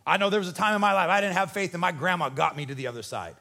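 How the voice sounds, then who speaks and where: A man preaching a sermon as pastor, animated and conversational, joking and acting out voices. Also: high-pitched, racing, gravelly. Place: church.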